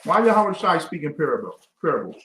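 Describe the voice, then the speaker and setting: A man's voice: a little high, very animated, fast talker, a bit bright. A man leading a call-and-response Bible class, quizzing his students with emphatic questions. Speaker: class teacher. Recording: echoey room.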